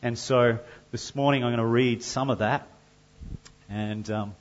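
A man delivers a church sermon at an unhurried, deliberate pace. His voice sits at an ordinary pitch and swells into loud, emphatic reading when he quotes scripture. The recording sounds slightly muffled and dull. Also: fairly even intonation. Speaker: pastor.

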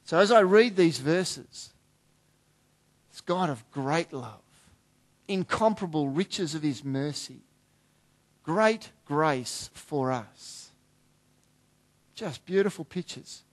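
A middle-aged man preaching a sermon in a conversational way, dropping to quiet asides and rising to emphatic points. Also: fairly high pitch, expressive, slow pace, long pauses. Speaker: pastor.

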